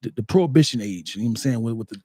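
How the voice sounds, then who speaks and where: A man guesting on a podcast as a producer and comedian, joking casually and acting out rappers in quick bits. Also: medium pitch, animated, warm tone, no echo, clean studio sound. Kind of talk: casual hip hop banter.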